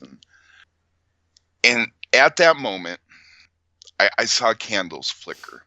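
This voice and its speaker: A low-voiced man with a forceful, bright edge tells a personal story as a podcast guest. He talks haltingly, restarting phrases and letting out small nervous laughs. The sound is dry and close, with no room around it. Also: lively intonation, no echo, lo-fi sound. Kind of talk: casual storytelling.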